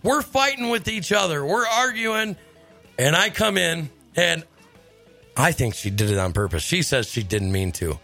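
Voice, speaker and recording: Animated, bright-voiced male radio host. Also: a little high, a little slow, gravelly, soft background music. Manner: animated storyteller, laughs often. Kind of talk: casual chat.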